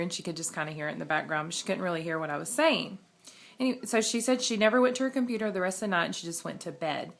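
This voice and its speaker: A woman's voice: on the low side, gravelly, fairly bright tone. A woman, talking casually and rambling in a vlog, laughing often. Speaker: vlogger.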